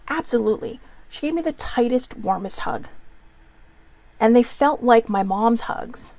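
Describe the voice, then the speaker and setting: A woman's voice: a little high, lively intonation, moderate pace, creaky, darkish tone, no room sound. A woman hosting her own talk show, speaking earnestly and from the heart about mental health, holding back tears. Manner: earnest and heartfelt, tender at times. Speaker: host. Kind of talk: personal vlog monologue.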